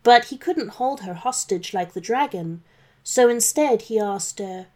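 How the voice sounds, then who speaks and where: Slow, gentle woman reading a bedtime story. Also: mid-range voice, lively intonation. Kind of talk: scripted children's story narration.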